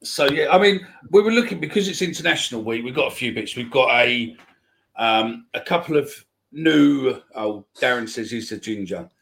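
A man's voice: mid-range voice, animated, moderate pace, creaky, a bit bright. A man hosting a live football podcast, chatting casually and rambling through announcements. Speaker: podcast host.

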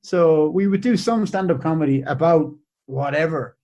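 Irish male comic guest, relaxed chatty storyteller, slightly high voice. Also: normal speed. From Ireland. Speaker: podcast guest, comedian. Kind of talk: casual chat.

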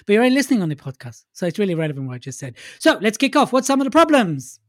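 A man's voice: high-pitched, very animated, very fast, no echo, clean studio sound. A man co-hosting a casual podcast, chatty and jokey, poking fun at himself. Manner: jokey, chatty, self-mocking. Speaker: podcast co-host.

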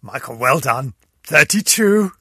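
An older man from England hosting a comic podcast in a theatrical, camp, teasing way, swinging between loud and soft. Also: mid-range voice, big pitch swings, a little slow, husky, no room sound, clean studio sound. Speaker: podcast host.

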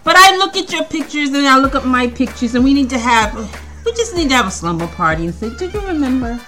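A woman's voice: sits high, expressive, fast talker, pushed and bright, faint music behind. A woman hosting a casual solo podcast, rambling and stammering with frequent laughter. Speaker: podcast host.

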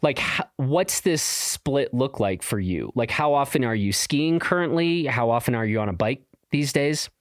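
A man hosting a casual interview podcast, relaxed and rambling, laughing along with his guest. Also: mid-range voice, normal speed, few pauses, no room sound, studio quality. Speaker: podcast host.

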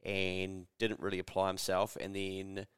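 A man's voice: low voice, completely flat delivery, measured pace, a bit bright, clean tone, dry recording, studio quality. A young man, telling stories in a casual, sweary podcast chat and acting out the people in them. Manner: sweary storytelling, acts out the people in his stories. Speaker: podcast co-host.

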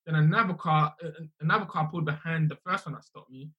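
A young man, a musician telling his story in a casual, animated way, often repeating himself. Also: a little high, quick pace, highs cut off. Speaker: musician guest.

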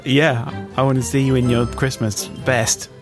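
A man's voice: medium pitch, little pitch movement, normal speed, over music. A middle-aged man co-hosting a podcast, talking casually in a hesitant, dry, easygoing way. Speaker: podcast co-host. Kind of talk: casual chat.

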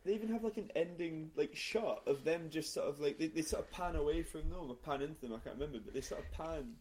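A man's voice: fairly high pitch, fast talker, darkish tone, slight background noise. A man co-hosting a podcast in casual chat, laughing often as he chimes in. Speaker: podcast co-host.

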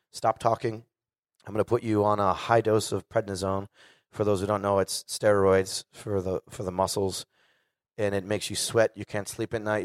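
A man's voice: on the low side, no room sound, studio quality. A man in his forties, a singer, telling a candid and profane story casually to a live audience. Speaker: guest singer.

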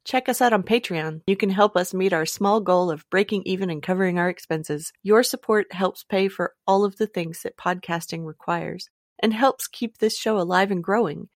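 A woman's voice: lowish voice, normal speed, hardly any pauses, no room sound, studio quality. A woman hosting a podcast, reading a friendly, direct closing message. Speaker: podcast host. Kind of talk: outro announcement.

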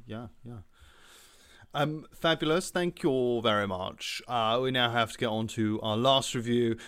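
A man's voice: medium pitch, a little slow, a bit bright, smooth. A man hosting a comedy review podcast in a mock-serious presenter tone, with frequent ums. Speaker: host. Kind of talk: deadpan comedy review chat.

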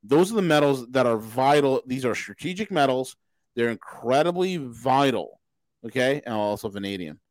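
A male podcast host rants with a lively voice that jumps up and down in pitch. He hammers the same phrase again and again and trips into restarts. The sound is close and dry. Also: moderate pace, no echo. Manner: emphatic, repetitive, restarts mid-sentence. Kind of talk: casual political rant.

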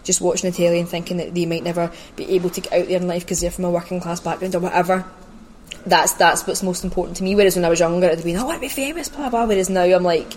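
A woman's voice: fairly low pitch, level tone, racing, a little mellow, a little hiss or hum. A young woman with a Glaswegian accent, chatting about her presenting work as a guest on a podcast, self-mocking and laughing often. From Scotland. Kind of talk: casual podcast chat.

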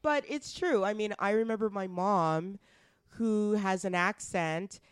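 A woman's voice: mid-range voice, unhurried, clear, resonant tone, no echo, clean studio sound. Blunt, outspoken Canadian woman co-host. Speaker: podcast co-host. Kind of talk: casual chat.

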